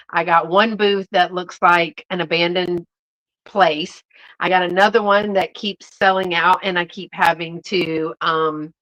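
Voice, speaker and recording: A woman with a lowish, sharp-toned voice hosts a live stream as a YouTube vintage reseller, heard through a rough recording. She chats in a bubbly, casual manner, calls her viewers y'all, and keeps using fillers and restarting.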